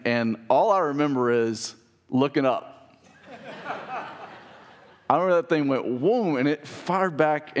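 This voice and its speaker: Animated pastor telling stories. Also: male voice, medium pitch. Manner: animated storyteller, drops to soft intimate tone. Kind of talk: sermon with personal storytelling.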